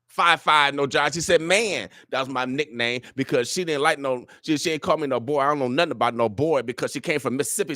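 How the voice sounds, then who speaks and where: His mid-range voice sounds pushed and bright as this Omaha, Nebraska morning radio host sermonizes to his listeners, emphatic and motivating, with "oh yeah" coming back as a refrain. The studio sound is clean, without any room sound.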